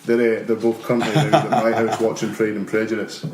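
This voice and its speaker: Scottish male podcast host, lively, sweary storyteller, echoey room with a faint hiss. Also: fairly low pitch, fast talker. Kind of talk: casual chat. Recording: roomy room echo.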